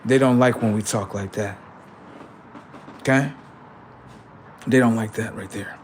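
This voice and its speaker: On a livestream, a man with a lowish, steady voice delivers a heated, profane political rant at a measured pace, taunting and confronting his listeners. Slight background noise can be heard.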